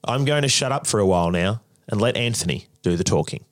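A male host narrating in a measured way, introducing the guest's story. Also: lowish voice, lively intonation, no echo, studio quality, faint music behind. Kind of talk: scripted narration.

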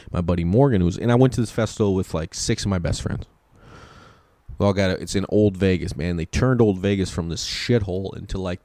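A young adult man, a podcast host, telling a rambling, profane and excitable comic story in a casual way. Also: low voice, no room sound.

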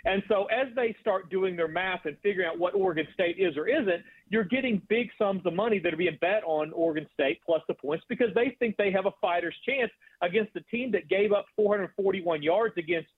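A man's voice: high voice, fairly quick, dry recording. Betting guest guy calling in, confident salesy talk, tinny phone line. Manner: confident, promotional. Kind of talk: call-in sports betting analysis.

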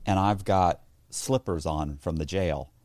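With a deep voice and a measured pace, a man recounts a story as a guest in a casual interview. He's animated and performs the voices of those he quotes, and the recording has no room sound.

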